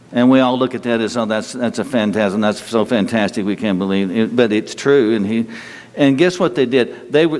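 Man preaching in a reverberant hall. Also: mid-range voice. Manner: animated storytelling, jumping between loud and quiet. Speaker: pastor. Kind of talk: sermon.

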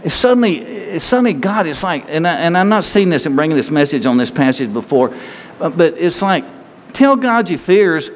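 A pastor preaching a sermon in a conversational way, full of rhetorical questions. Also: male voice, on the high side, sing-song, moderate pace. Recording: long reverb hall, faint noise.

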